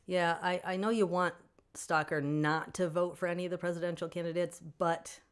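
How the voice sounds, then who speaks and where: Chatty, opinionated woman with a low voice. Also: normal speed, smooth. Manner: animated and chatty, laughing often, opinionated. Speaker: author hosting a fan Q&A stream. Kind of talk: casual livestream chat, answering viewer comments.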